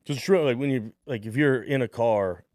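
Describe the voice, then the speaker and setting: A man's voice: mid-range voice, normal speed, no echo, clean studio sound. A man telling a story in casual podcast chat, acting out the people in it and swearing freely. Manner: animated storyteller, acts out voices, swears freely. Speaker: stand-up comedian guest.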